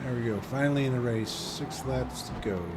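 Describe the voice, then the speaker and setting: In this gaming channel clip, the host speaks a little fast in a mid-range voice, chatting loosely and rambling as he cuts into his own remarks. Underneath his let's-play commentary run the game audio and the noise of race car engines.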